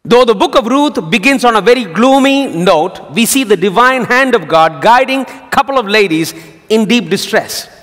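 A male pastor preaching a sermon, telling jokes as a lively storyteller. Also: high voice, normal speed. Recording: long hall reverb.

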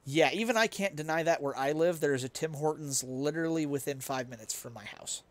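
A man's voice: a little high, fairly quick. A young man streaming a game, chatting casually with his chat in a rambling, self-mocking way and laughing easily. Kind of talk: casual chat while gaming and reading chat.

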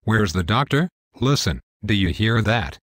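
A pastor voicing a calm, earnest male angel who pleads for more time for a dying man. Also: fairly low pitch, measured pace, no room sound, studio quality. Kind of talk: one-man dramatized dialogue.

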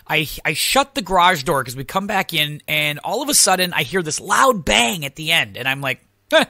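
A man hosting a casual podcast chat, telling stories with an animated, ranting delivery. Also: on the high side, no echo, studio quality. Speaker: podcast host.

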